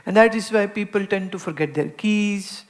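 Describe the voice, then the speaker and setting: A woman's voice: medium pitch, normal speed. A woman, a spiritual teacher giving a public talk, telling everyday stories and repeating words for emphasis. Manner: animated storytelling, acting out everyday dialogues.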